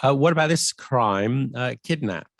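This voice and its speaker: A man co-hosting a podcast in a casual, playful chat, explaining words slowly and clearly. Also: mid-range voice, lively intonation, a bit bright, dry recording, studio quality. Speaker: podcast co-host.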